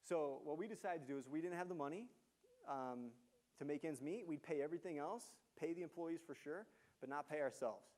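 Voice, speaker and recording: A man giving a university lecture, telling business stories in an animated way and quizzing the audience. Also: a little high, fairly quick. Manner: animated storyteller, engages audience with questions. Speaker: guest lecturer, entrepreneur. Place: lecture hall.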